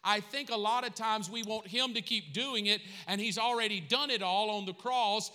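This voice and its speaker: A man preaching a sermon with a high, bright voice. He is passionate and dramatic and acts out his prayers aloud. Long reverb fills the large church hall around him. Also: normal speed, hardly any pauses.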